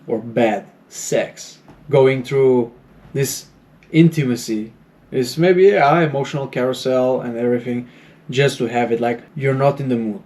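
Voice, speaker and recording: A man talks through relationship advice in a loose, rambling way, sprinkling "you know" and "like" everywhere. His voice is mellow and dark, and he slips into little acted-out bits of dialogue as he goes. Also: mid-range voice. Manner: acts out little quoted dialogues. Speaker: dating advice vlogger. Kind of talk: casual advice monologue.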